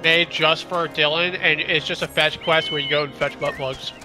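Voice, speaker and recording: A man's voice: fairly high pitch, fairly even intonation, moderate pace, over music. A man in his twenties chatting casually during a game stream, wry and joking, rambling with fillers. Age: 20s. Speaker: gamer streaming with a friend. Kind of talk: casual gaming chat.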